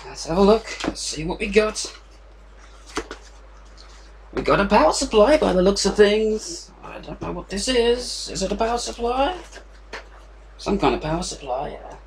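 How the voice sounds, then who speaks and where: A man's voice: sits high, sing-song, normal speed, vocal fry, pauses often. Rambling man unboxing at home. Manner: rambling, self-deprecating, thinking aloud. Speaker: vlogger unboxing a package. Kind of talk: casual unboxing chat. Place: hot indoor room with a fan running. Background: fan noise.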